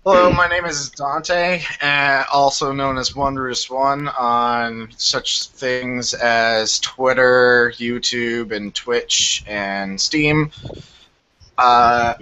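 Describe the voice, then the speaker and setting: A man hosting a tabletop game podcast, easygoing and halting as he chats. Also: mid-range voice, sharp tone, highs cut off. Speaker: podcast host and player. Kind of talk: casual tabletop game chat.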